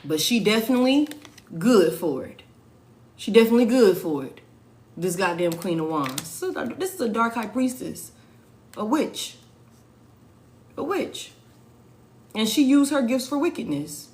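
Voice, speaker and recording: A woman's voice: mid-range voice, big pitch swings, normal speed, a little mellow. A woman doing a casual tarot reading for viewers, blunt and profane, repeating her points for emphasis. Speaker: tarot reader.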